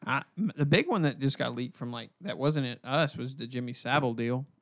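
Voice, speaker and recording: Gravelly man, casual podcast host. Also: mid-range voice, fairly quick. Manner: loose, joking, profane banter.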